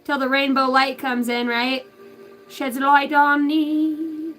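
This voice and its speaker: A woman in her thirties, a psychic medium doing a casual live reading, rambling and profane, swinging between loud outbursts and soft asides. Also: sits high, flat delivery, slow pace, soft background music. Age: 30s.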